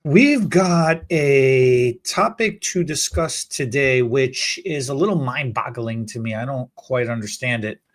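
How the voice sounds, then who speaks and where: A man's voice: mid-range voice, unhurried, few pauses. A man co-hosting a beauty-industry podcast, telling a story casually and acting out the quoted lines. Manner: storytelling, animated, acts out quotes. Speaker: podcast co-host.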